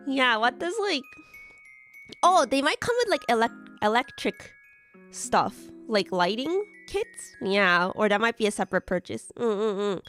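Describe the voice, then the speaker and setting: A young adult woman streamer, a bit hoarse from being sick, chatting with viewers while building models, giggly and full of filler words. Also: fairly high pitch, a bit bright.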